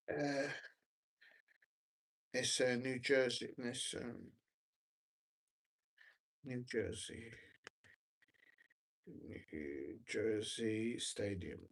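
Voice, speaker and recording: A man hosting a football chat on his own, rambling and hesitant, full of ums and restarts while he searches his notes. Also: mid-range voice. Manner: scattered, searching through notes while talking. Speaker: football watch-along host.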